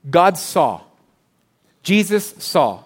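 A man preaching as pastor, conversational, rising for emphasis and dropping soft and low to console. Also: very animated, very slow. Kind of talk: sermon.

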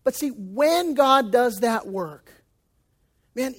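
High-voiced pastor preaching folksy. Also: male voice, animated, takes it slowly. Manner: folksy, emphatic preaching with casual slang; shifts between loud emphasis and hushed, quiet passages. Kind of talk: sermon.

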